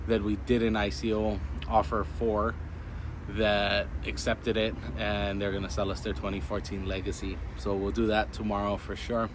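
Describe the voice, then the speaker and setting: Casting note: congested young man, low and fairly flat voice, easygoing vlog chatter, steady background noise. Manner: relaxed, chatty, many ums. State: congested, stuffed-up nose. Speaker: car salesman vlogger. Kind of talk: casual vlog update.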